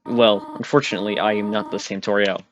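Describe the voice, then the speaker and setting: A man reading the lines of a gentle motherly goat-woman caretaker from a game in his own low voice, formal and unhurried, not doing a voice. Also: steady tone, muffled recording, background noise, close to an everyday voice. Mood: apologetic. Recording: game music underneath.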